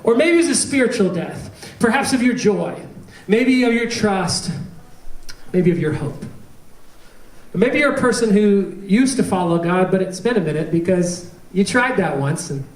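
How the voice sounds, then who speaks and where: Man preaching, high voice, humorous storytelling, roomy church sound from a distance. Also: expressive, moderate pace. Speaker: pastor. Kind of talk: sermon. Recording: echoey church hall, distant mic.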